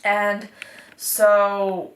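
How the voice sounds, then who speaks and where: A woman's voice: medium pitch, completely flat delivery, extremely slow, fairly bright tone, roomy sound. An eighteen-year-old woman from North Texas, chatting casually and upbeat through a beauty vlog with lots of fillers. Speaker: beauty vlogger. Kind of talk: casual anti-haul chat.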